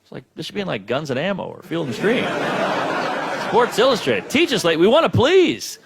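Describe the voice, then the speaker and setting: A man's voice: high voice, big pitch swings, fairly quick, vocal fry. A man doing a stand-up comedy routine on a club stage, brash and profane with punchy delivery, laughter from the audience. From United States. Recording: noisy live club recording.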